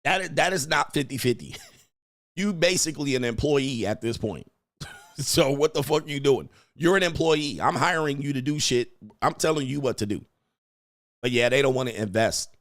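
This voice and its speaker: On a casual livestream, a male host rants bluntly and crudely about his business partners, laughing at his own jokes. His mid-range voice comes through clean with studio quality and no echo.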